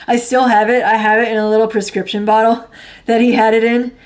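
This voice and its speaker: A woman's voice: a little high, flat delivery, moderate pace. A woman in her thirties hosting a livestream, chatting casually and answering viewer comments in a rambling, blunt way with frequent laughter. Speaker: livestream host.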